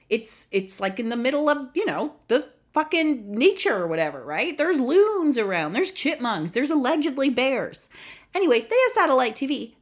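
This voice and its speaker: A young woman from Canada hosts a casual solo podcast, rambling from one tangent to the next and swearing freely. She sounds tired. Her voice sits on the low side but swings widely in pitch. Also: a bit bright. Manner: rambling, chatty, profane, self-deprecating. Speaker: podcast host.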